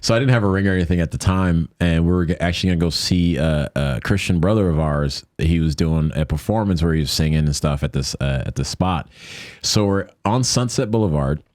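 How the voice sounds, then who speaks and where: A man's voice: sits low, a little fast, no echo, clean studio sound. A man as a podcast guest, telling a personal story in a loose, rambling way and acting out the voices of people in it. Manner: animated, acts out quoted voices. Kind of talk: casual storytelling.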